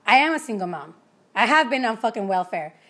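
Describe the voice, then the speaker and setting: A young adult woman, an energy healer and business owner, giving a casual motivational monologue in a blunt, profane, animated storytelling way. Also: on the high side, a little fast.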